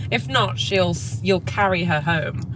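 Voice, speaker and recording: A woman, a professional saxophonist, chatting excitedly in a casual vlog. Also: fairly low pitch, takes it slowly, noisy background. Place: in a car and out and about.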